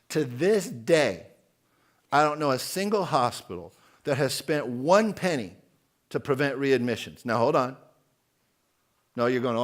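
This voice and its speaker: Man, forties, keynote speaker, mid-pitched voice, emphatic, outspoken, questions the audience. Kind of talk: conference keynote speech.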